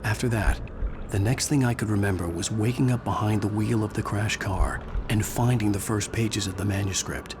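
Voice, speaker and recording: A man's voice: lowish voice, steady tone, moderate pace, heavy background noise, lightly acted. An actor playing a haunted male novelist, narrating in a grave, reflective way over game music. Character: haunted male novelist searching for his lost wife. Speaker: narrator and lead character. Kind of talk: video game voice acting.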